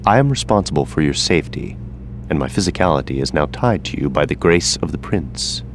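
A man plays a stiff male demon familiar in an audio drama, his voice sitting extremely low while the pitch still rises and falls with life. He speaks formally and with precise, measured care. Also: expressive, a little hiss or hum.

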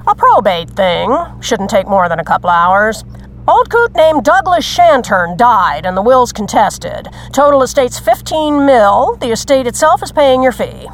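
A woman plays a brisk booking agent in an audio drama. Her voice sits a little high, and she talks in a quick, businesslike way. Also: very animated, a little hiss or hum.

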